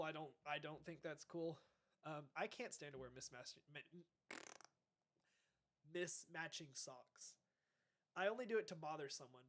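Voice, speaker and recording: A young man with a fairly high voice chats casually on a podcast. He rambles, restarts sentences and lets his thoughts trail off as he reacts to dating advice. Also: fairly bright tone. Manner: rambling, trailing off, self-correcting. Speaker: podcast host.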